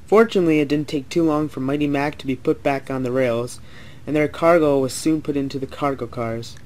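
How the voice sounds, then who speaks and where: A man's voice: on the high side, brisk, darkish tone. Young man narrating toy train stories. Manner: reads every character in lightly shifted voices. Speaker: narrator and voice of all engines. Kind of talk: fan toy-train storytelling.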